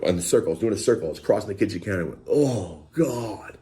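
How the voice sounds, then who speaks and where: A man telling a heated story about a falling out, profane and animated, often mimicking the other person. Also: deep voice, rapid-fire, slight background noise. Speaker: online creator recounting a dispute. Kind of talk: heated podcast rant.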